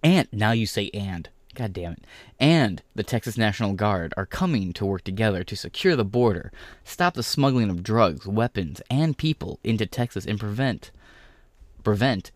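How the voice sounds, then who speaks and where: A man's voice: fairly low pitch, a little mellow, no echo. A young man ranting through sarcastic, profane political commentary and reading a press release aloud.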